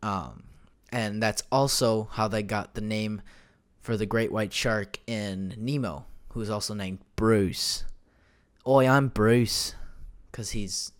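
Young male solo podcast host, lowish voice, loose and rambling, lots of ums and restarts, desk mic at home. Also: steady tone, slow pace, few pauses, clean tone. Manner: rambling, many fillers and self-corrections. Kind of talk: casual solo podcast chat. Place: home room. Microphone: desk microphone.

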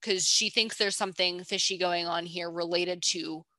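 A woman's voice: lowish voice, fairly even intonation, moderate pace, bright, forceful tone, no room sound. A woman co-hosting a podcast, chatting playfully and teasing her co-host while breaking down a film character. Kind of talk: casual analytical chat.

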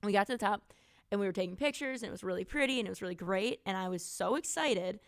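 A woman's voice: medium pitch, lively intonation, quick pace, slight background noise. A young woman from Wisconsin, co-hosting a podcast and telling a story in casual chat with many fillers. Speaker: podcast co-host. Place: small home studio. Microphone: good studio mic.

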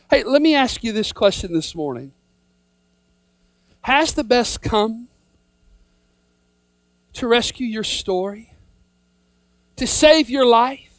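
A woman preaching in a high voice, recorded close and dry. She drives home a repeated refrain, building up to shouts. Her delivery is fervent and emphatic. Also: lively intonation, takes it slowly, pauses often, no echo. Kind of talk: sermon.

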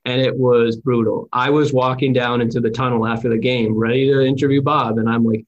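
A man hosting an interview, telling anecdotes in a chatty, animated way. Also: medium pitch, brisk, hardly any pauses, dull audio. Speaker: podcast host and former sports reporter. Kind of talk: casual interview chat with storytelling.

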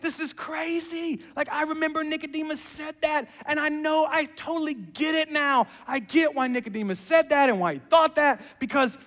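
Awed, halting apostle played by a preacher in his own voice; high-pitched, long hall reverb. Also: very animated, fairly bright tone, exaggerated voice. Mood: amazed. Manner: wondering, halting, thinking aloud. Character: awed aging apostle recalling and writing his gospel.

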